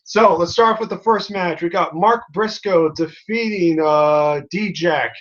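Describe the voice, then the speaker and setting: A man's voice: sits high, measured pace, fairly bright tone, dull audio. A man hosting a casual review chat, rambling with many fillers. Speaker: host.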